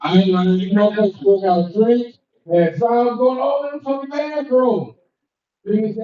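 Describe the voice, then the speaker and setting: An older man doing crude, animated stand-up comedy, slipping into quick character voices as he tells his stories. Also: sits high. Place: cigar lounge comedy stage. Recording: echoey distant dull live-room recording.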